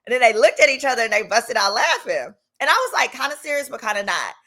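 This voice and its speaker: A woman attorney hosting a casual storytime vlog, with a strong accent and an animated, chatty delivery that slips into voices for dialogue. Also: a little high, fast talker. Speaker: attorney and channel host.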